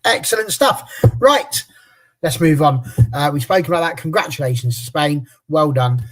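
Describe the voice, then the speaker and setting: A man's voice: on the high side, a little fast. A man hosting a casual podcast panel. He reads out a transfer rundown in a jokey, chatty way and stumbles over foreign names. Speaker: podcast host.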